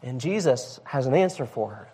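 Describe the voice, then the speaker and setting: A man's voice: mid-range voice, animated, normal speed, warm tone, slightly rough. A male pastor giving a conversational sermon, reading scripture and questioning the congregation.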